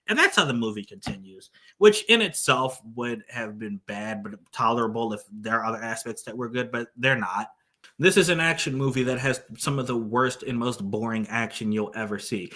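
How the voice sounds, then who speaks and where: A man's voice: mid-range voice, expressive, normal speed, bright, forceful tone. A man giving a casual spoken movie review, blunt and exasperated, full of fillers and restarts.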